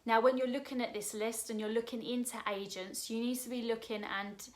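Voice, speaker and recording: Essex woman in her 30s chatting advice at home, fairly high voice, keeps asking you questions. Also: steady tone, fairly quick. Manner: chatty, direct, asks the viewer questions. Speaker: performer sharing career advice. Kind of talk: casual advice chat to camera. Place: home sofa.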